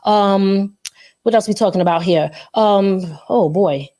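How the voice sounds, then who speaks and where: A woman's voice: mid-range voice, a little slow, dark tone. A woman hosting a live online interview show, chatty and upbeat, speaking African American English with loose slang. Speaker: show host.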